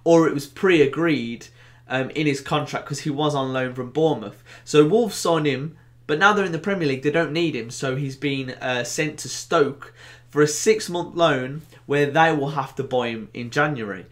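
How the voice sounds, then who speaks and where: A young man with a Birmingham accent hosting a casual football vlog, animated and jokey, with bursts of excitement. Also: on the high side, normal speed. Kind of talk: casual to-camera football chat.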